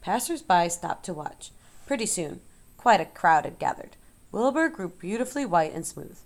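Gravelly low-voiced woman reading a story. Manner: measured, expressive storytelling. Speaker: narrator.

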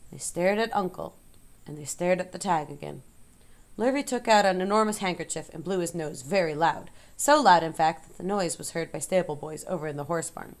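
A woman narrating a storybook aloud in a measured, expressive way. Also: on the low side.

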